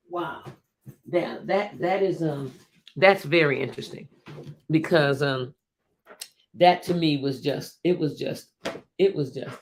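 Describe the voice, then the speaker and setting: A woman with a low, creaky voice runs a casual livestream show. She speaks emphatically, often starting over and repeating herself, and reads viewer comments out loud.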